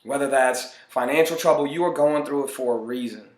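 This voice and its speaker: A man's voice: medium pitch, a little fast. A man giving an earnest motivational talk, often repeating phrases for emphasis. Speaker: motivational speaker. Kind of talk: motivational monologue. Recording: roomy echo.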